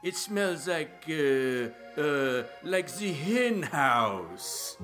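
A man playing a fussy Frenchman in a spoof ad, putting on a French accent and slowly sniffing at a bad smell. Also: on the high side, big pitch swings, voice pushed up, exaggerated voice. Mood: disgusted. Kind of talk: spoof radio ad skit. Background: loud music.

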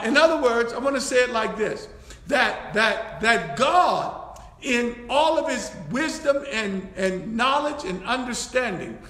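A man's voice: extremely high pitch, gravelly, a bit bright. A man preaching a sermon as a bishop-elect, repeating his phrases and breaking in with praise. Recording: echoey church hall.

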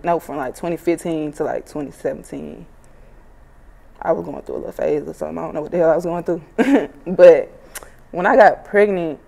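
A mid-twenties woman rapper talking in a slightly low voice. She is blunt and profane, swears often, and laughs easily while she tells her stories in a relaxed, casual interview. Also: gravelly.

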